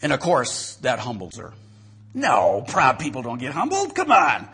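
Gravelly male pastor, animated storyteller, sermon. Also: mid-range voice, measured pace. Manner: storytelling, animated, repeats words.

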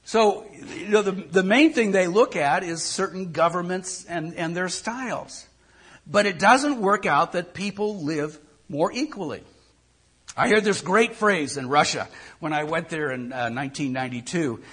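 A man's voice: high-pitched, a little slow, a bit bright, breathy edge. An older male pastor giving a conversational sermon, often repeating words as he thinks.

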